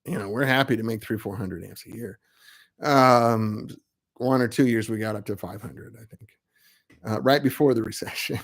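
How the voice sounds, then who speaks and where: This middle-aged man's voice sits on the low side, with vocal fry and a moderate pace. An amp builder, he's chatting casually on his live web show, rambling and laughing at himself in asides.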